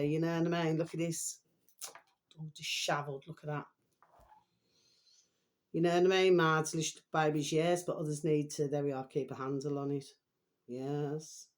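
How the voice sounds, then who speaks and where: A middle-aged woman, chatting unrehearsed to camera in a rambling, meandering way. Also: low-pitched. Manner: rambling, keeps repeating a pet phrase to viewers. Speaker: vlogger. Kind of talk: casual unrehearsed chat to camera.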